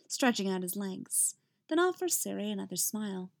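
A woman reading fiction aloud in a calm, unhurried storytelling manner. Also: medium pitch, gravelly. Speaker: reader. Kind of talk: audiobook-style fiction reading.

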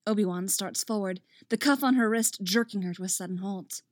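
A woman reading a fan fiction story aloud as narrator, steady and expressive. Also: mid-range voice, brisk, dry recording, clean studio sound.

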